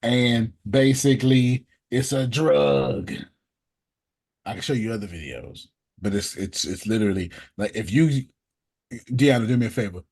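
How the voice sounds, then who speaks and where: A man hosting a casual online talk, playful and animated, with quick asides. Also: mid-range voice, creaky, husky. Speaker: host. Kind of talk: casual online show chat.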